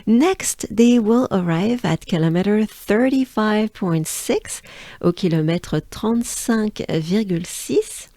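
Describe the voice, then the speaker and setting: Woman, French accent, pronunciation teacher, patient repetition, very slow pace, dry sound. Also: mid-range voice, mellow, no echo. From France. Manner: patient, repeats sounds slowly and coaxes the listener to join. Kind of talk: slow, drilled pronunciation lesson.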